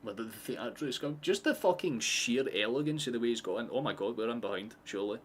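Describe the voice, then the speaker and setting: A man's voice: mid-range voice, fast, a little hiss or hum. Sweary Scottish man calling a match. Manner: excitable, sweary, chatty asides. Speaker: streamer hosting a match watchalong. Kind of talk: live casual football commentary.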